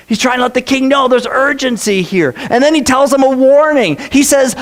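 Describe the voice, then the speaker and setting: A man's voice: extremely high pitch, moderate pace, few pauses. A man preaching a sermon in a church, talking conversationally, repeating phrases and checking in with the congregation. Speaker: pastor. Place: church sanctuary.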